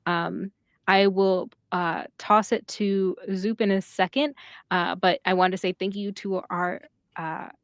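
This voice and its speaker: A woman's voice: lowish voice, little pitch movement, measured pace, no echo, studio quality. A woman narrating as game master, chatty and full of filler words.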